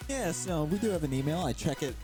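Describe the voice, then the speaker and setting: A man's voice: fairly high pitch, expressive, fast talker, music in the background. A man co-hosting a casual podcast, upbeat and chatty as he steers the talk. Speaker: podcast co-host.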